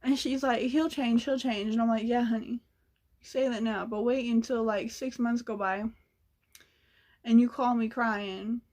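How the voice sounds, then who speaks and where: Young woman vlogging, blunt and sassy, bit higher voice, swears a lot. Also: fairly even intonation, measured pace, a little mellow. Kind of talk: casual storytime vlog.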